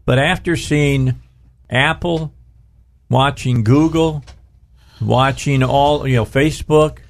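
Man, middle-aged, radio talk host, rambling, restarts, casual studio chat. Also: mid-range voice. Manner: rambling, restarts mid-sentence, drawn-out emphasis.

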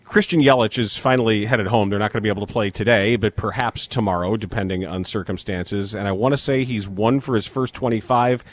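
A man hosting a casual baseball talk, measured and full of statistics. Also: lowish voice, fairly even intonation. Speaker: sports show host.

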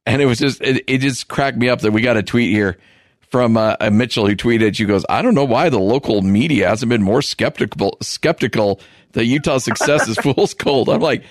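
A man's voice: mid-range voice, fairly quick, dry recording, studio quality. A man co-hosting a sports radio talk show, chatty and easily amused. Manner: chatty, amused, many fillers. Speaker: co-host.

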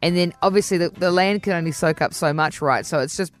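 A young woman with a New Zealand accent, a radio host telling a story in casual chat and acting out the voices of the people in it. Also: fast. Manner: animated, acts out quoted voices with big pitch jumps.

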